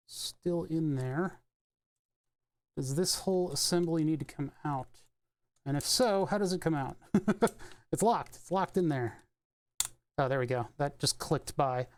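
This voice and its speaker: Young man streamer, casual rambling repair talk, higher pitch. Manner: thinks aloud, rambling, swears casually. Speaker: streamer doing car electronics repair. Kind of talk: casual live-stream commentary.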